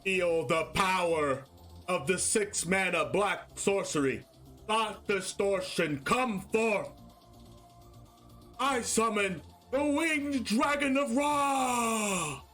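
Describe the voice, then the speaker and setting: A man putting on a grandiose, theatrical male anime card duelist summoning a monster, slow and booming. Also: animated, bright, forceful tone, soft background music, exaggerated voice.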